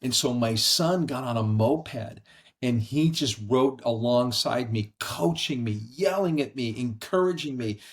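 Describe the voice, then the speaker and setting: A middle-aged man, a podcast guest, telling a personal story in an earnest, animated conversational way, speaking from a house. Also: mid-range voice, measured pace. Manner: earnest, animated storyteller acting out quoted voices. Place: brother-in-law's house.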